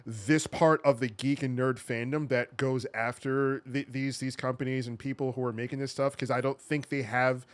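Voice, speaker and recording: A man co-hosting a casual movie review chat, animated, often laughing, with quick asides. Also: mid-range voice. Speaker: podcast co-host.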